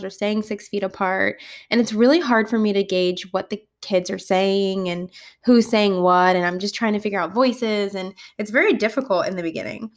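A woman who is a kindergarten teacher, casually telling funny classroom stories with lots of laughter. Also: medium pitch. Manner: animated, laughs often while telling stories. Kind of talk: casual storytelling podcast.

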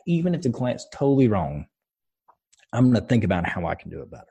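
Blunt, husky-voiced man swearing freely. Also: medium pitch, sing-song, quick pace, mellow. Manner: blunt, swears freely, tells stories with passion. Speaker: podcast co-host. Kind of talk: casual chat.

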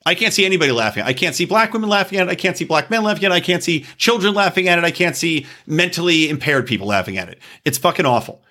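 A man's voice: a little high, fast, few pauses. A man hosting a podcast, ranting casually and profanely, often wandering off topic. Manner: animated, profane, digressive. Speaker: podcast host. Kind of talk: casual opinion rant.

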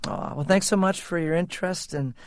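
A man's voice: high-pitched, fairly quick, dry recording. Man, middle-aged, musician guest, earnest and reflective, laughs easily, dry close sound. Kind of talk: reflective interview talk.

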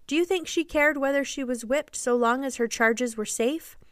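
Clear, expressive woman storyteller. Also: high voice, no room sound, studio quality. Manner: expressive, measured storybook narration. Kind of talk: reading a classic novel aloud.

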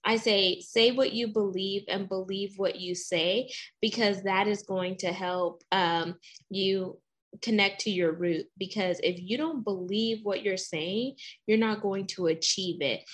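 A woman hosting and coaching, chatting eagerly and telling everyday stories. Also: medium pitch. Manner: enthusiastic, tells anecdotes. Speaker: host and coach. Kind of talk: casual chat.

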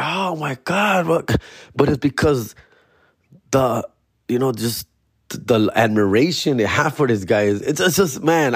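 A young adult man, a comedian hosting his podcast, telling stories in a slangy, animated way and dropping words, a bit hungover. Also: medium pitch, breathy edge, no room sound, studio quality. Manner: slangy, animated, peppered with "fool" and "bro". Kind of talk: casual storytelling monologue.

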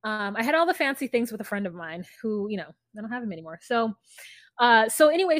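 Woman in her thirties, podcast co-host, somewhat high voice, blunt and matter-of-fact, dry close mic. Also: fairly bright tone, no echo. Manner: frank, blunt opinions with a laugh. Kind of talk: casual chat recapping reality TV.

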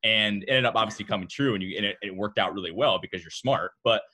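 A man's voice: on the low side, fast talker, bright, forceful tone. A male co-host in a casual chat, telling stories in a chatty way with frequent restarts.

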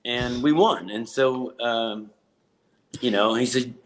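A male comedian guesting on a podcast, with a mid-range voice. He tells his stories in a rambling, halting way, stumbling into restarts as he goes. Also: medium pitch. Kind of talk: casual anecdote telling.

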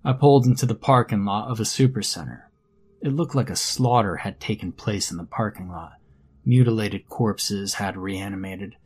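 Husky low-voiced male horror narrator. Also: darkish tone. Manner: measured, grim storytelling. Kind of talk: scripted first-person horror story narration. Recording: faint background music under narration.

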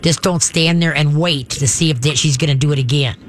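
A man hosting a call-in advice show as a dog trainer, chatting folksily with many restarts and dropping into low, firm commands when he demonstrates. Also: fairly even intonation, brisk, a little hiss or hum.

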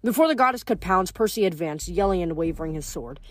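A woman reading chapters of a novel aloud in an animated, expressive way. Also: on the low side, fast. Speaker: audiobook reader.

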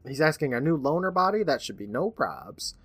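A man's voice: on the high side, brisk, husky, dry recording. A man co-hosting a podcast, recapping an episode in casual chat, acting out lines and laughing often. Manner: animated storyteller, laughs often, acts out lines. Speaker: podcast co-host.

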